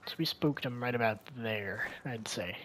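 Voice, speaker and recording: Young man, casual gameplay commentary, rambling, hushed at times, bright tense voice. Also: mid-range voice, moderate pace, slight background noise. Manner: rambling, thinking out loud, often drops to a hushed voice. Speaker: gaming video creator.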